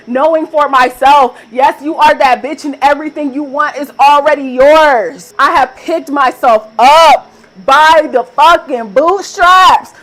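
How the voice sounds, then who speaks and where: A young woman with a high-pitched voice delivers a motivational vlog straight to her viewers. She speaks in emphatic, repetitive affirmations. Her address is casual and direct, with frequent swearing. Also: a bit bright, rough recording. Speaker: manifestation coach.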